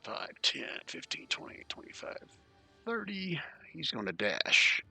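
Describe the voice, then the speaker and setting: A man running an online tabletop game as dungeon master, counting moves aloud and tossing in quick asides. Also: a little high, huge pitch swings, gravelly, bright, forceful tone, slightly rough, soft background music.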